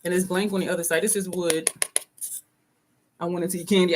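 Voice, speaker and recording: A woman's voice: on the low side, fairly even intonation, a little fast, fairly bright tone. A woman vlogger chatting casually on a live stream from her home desk, talking to viewers by name and reading their comments aloud.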